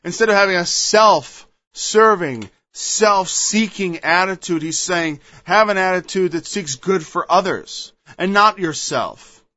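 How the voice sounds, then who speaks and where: A high-pitched man preaches unhurriedly, his voice pushed and bright, in a dull, lo-fi dry recording without echo. Reading scripture and explaining it, he is emphatic and digressive and acts out quoted voices.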